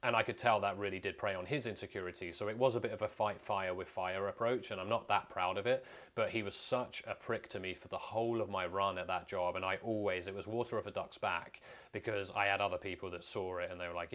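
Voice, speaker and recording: Deep-voiced blunt man telling stories. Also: steady tone, fast talker, fairly bright tone. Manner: candid, blunt, swears freely. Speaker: vlogger. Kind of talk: casual storytelling to camera.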